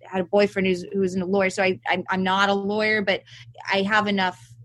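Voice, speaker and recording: A woman's voice: mid-range voice, level tone, fairly quick, a bit bright. A woman guest, an actress, chatting casually with self-mocking humor and frequent hesitations. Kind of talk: casual chat.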